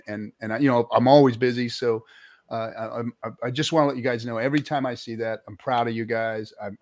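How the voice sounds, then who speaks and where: A man on a panel chat speaking warmly and effusively, thanking the hosts with many restarts. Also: lowish voice. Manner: effusive, grateful, laughs often. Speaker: guest panelist.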